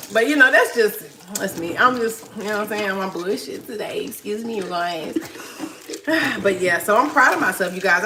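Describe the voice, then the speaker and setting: A woman, chatting casually on a livestream, laughing often and reading viewer comments aloud. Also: medium pitch. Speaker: livestream host. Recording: clicking noise in background.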